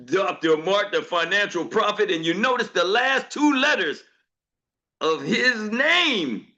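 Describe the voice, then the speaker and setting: A man with a high, bright, forceful voice hosts a group coaching call in casual, folksy chat. He laughs often and keeps things lively. The call audio sounds dull and lo-fi. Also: measured pace.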